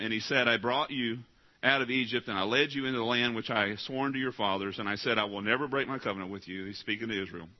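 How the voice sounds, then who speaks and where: A male pastor delivering a sermon from the pulpit. He climbs to loud, high, pleading peaks and then drops to low, hushed asides. The recording sounds dull and lo-fi. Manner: emphatic preaching, swings from loud rising pleas to low quiet asides.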